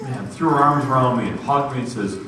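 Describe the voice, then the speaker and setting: A man preaching a storytelling sermon in a lively, conversational way, recorded in an echoey hall from far off. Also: mid-range voice, brisk, noisy background.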